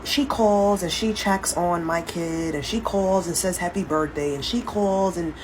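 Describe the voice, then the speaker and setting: A woman's voice: on the low side, a little slow, background noise. A woman talking candidly into her phone to her followers in a rambling, profanity-laced casual vlog. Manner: candid, rambling, heavy swearing. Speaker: social media poster.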